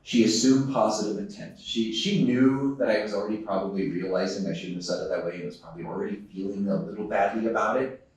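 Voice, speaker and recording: A man's voice: lowish voice, fast, darkish tone. Man telling a story in an echoey hall. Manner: storytelling, earnest, with frequent laughs and restarts. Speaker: conference speaker. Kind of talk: conference talk to a live audience. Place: large conference hall. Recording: echoey hall, distant microphone.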